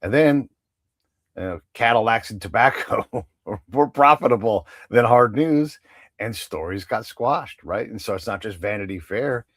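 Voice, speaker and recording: Blunt, lively-voiced man in his fifties. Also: fairly low pitch, measured pace, no room sound, clean studio sound. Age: 50s. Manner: blunt, opinionated, swears freely, mocks news anchors. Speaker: podcast host. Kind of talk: casual conversational interview.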